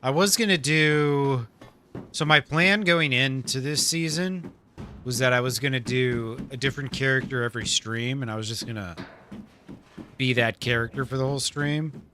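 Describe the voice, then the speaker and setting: Streaming a survival game live, this man talks casually with viewers at normal speed in a medium-pitched voice with a sharp tone, with slight background noise behind him. He stays laid-back, laughing a lot and cursing without restraint.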